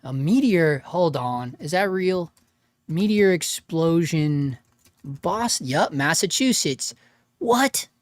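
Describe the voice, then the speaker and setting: A man's voice: fairly high pitch, expressive, slow, no room sound, studio quality. A man hosting a casual livestream, reading chat aloud in a laid-back way, laughing often and calling people dude and bro.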